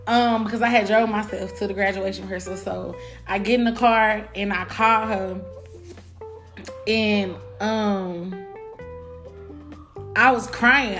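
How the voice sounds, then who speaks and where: Animated woman telling a story. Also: medium pitch. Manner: animated, profane and frank. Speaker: vlogger. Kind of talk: casual storytime.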